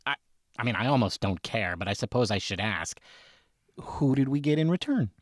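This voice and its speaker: A man's voice: medium pitch, expressive, normal speed, dry recording, clean studio sound. A man co-hosting a comedic sports podcast, bantering with exasperated, rambling reactions. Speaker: podcast co-host.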